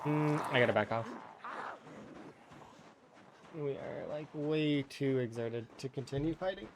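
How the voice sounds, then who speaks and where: A man's voice: medium pitch, expressive, a little slow, creaky, background noise. A man giving casual, rambling commentary while playing a game, often restarting his words and brushing off complaints. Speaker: streamer.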